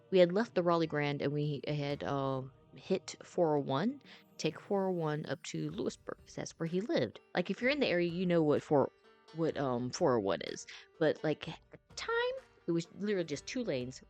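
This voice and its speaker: A woman with a low voice tells a story from her own life in an easy, rambling storytime manner. She piles on fillers and restarts and swears freely. Faint music plays softly underneath. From North Carolina. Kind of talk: casual storytime narration.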